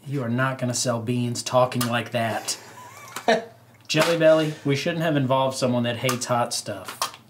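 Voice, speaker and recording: A man co-hosting a casual taste-test video, joking in a dry, deadpan way. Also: medium pitch, measured pace. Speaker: co-host. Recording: noisy background hiss.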